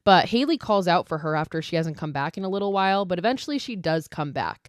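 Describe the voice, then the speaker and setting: Low-voiced woman ranting over a movie recap. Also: expressive, fast, dry recording, studio quality. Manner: profane, ranting; filler-heavy storytelling. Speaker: podcast host. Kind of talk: casual horror movie recap.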